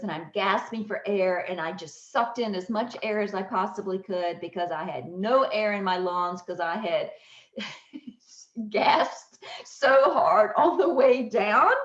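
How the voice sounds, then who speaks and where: A woman hosting a podcast, telling a personal story with lively laughter and acted-out voices. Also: mid-range voice, unhurried. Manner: animated, laughs often, acts out voices. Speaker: podcast host. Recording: roomy, slightly dull audio.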